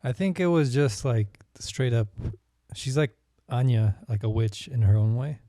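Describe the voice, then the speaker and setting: A man's voice: mid-range voice, a little slow, warm tone, dry recording, clean studio sound. A man co-hosting a casual movie review chat, giving short laid-back replies. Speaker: podcast co-host.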